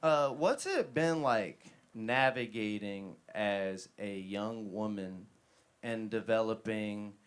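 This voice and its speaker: A man's voice: lowish voice, expressive, takes it slowly. A man in his thirties hosting a live interview, loose and joking, rambling with many fillers. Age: 30s. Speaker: host.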